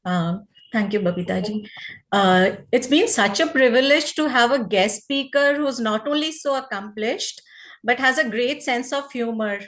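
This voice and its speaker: High-voiced woman host. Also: moderate pace, fairly bright tone. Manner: polite, appreciative, with small hesitations. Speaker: event host thanking the guest speaker. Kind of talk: formal vote of thanks.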